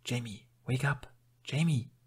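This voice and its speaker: A man voicing a young, wary winter spirit who speaks in hushed, urgent tones. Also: medium pitch, unhurried, husky, pitched above the performer's own voice.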